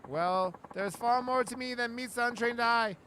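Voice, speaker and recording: A man's voice: extremely high pitch, normal speed, sharp tone, a little hiss or hum, low-quality recording. A man voicing a pompous, haughty male self-styled nobleman in his thirties who talks in flowery insults while reading a game aloud.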